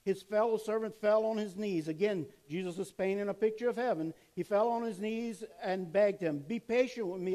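A man's voice: high-pitched, low-quality recording. A male pastor preaching a sermon, reading scripture aloud, commenting between verses and asking the congregation questions he then answers. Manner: turns quiet and soft when telling a family story.

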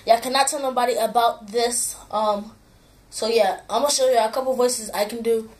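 A woman's voice: fairly high pitch, steady tone, a little fast, darkish tone, a little hiss or hum. Rambling, apologetic young woman vlogger. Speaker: gaming channel youtuber. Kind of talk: casual vlog chat.

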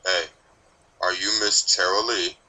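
A grumpy, timeless Grim Reaper who answers questions with curt, sardonic bluntness, as a man reads him in a fan story. The voice sits low but carries a sharp, bright edge. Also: steady tone, measured pace, heavily acted, low-quality recording. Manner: blunt, snappish, dryly sardonic. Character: grumpy ancient male Grim Reaper pony.

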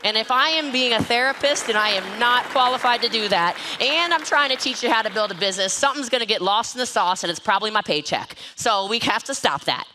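A woman giving an energetic, joking motivational talk on network marketing from an event stage, often mocking herself. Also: on the high side, fast, few pauses, slight background noise. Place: event stage with live and online audience.

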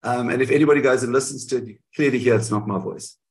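A South African man, a guest on an online interview, telling his story in a halting way with many restarts. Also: mid-range voice, creaky. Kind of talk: conversational storytelling.

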